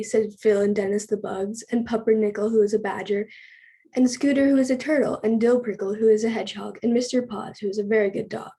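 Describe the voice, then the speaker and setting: A woman reading a children's storybook aloud at a church service, earnest and measured. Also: medium pitch, warm tone, breathy edge.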